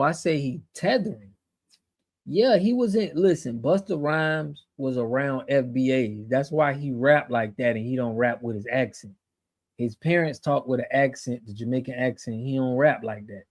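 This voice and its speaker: This host from the United States talks at a normal speed in a mid-range voice during a laid-back livestream. When he gets worked up answering chat, he turns emphatic and slangy and says things more than once.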